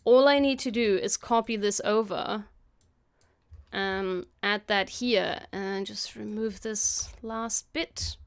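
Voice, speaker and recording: A German woman whose accent blends German with British English narrates casually on a live stream while editing, thinking aloud. She works as a motion designer and video editor. Her mid-range, smooth voice moves slowly with fairly even intonation, and she hesitates and corrects herself often.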